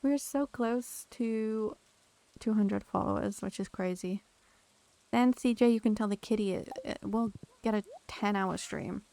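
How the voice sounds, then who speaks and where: A woman's voice: medium pitch, a little slow, vocal fry, warm tone, no room sound. A young woman streaming a game, chatting casually and thanking viewers by name as she plays. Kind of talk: casual live-stream chat.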